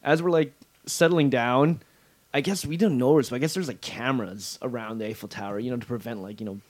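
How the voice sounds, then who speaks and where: A man from Canada telling a travel story casually on a podcast, animated and full of "like". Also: medium pitch, a little fast. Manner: animated anecdote telling with lots of "like". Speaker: podcast co-host.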